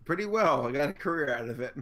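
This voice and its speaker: A man's voice: a little high, animated, quick pace, crowd noise. A young man from Georgia in the US, co-hosting a podcast and telling rambling, self-mocking stories. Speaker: podcast co-host. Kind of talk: casual chat.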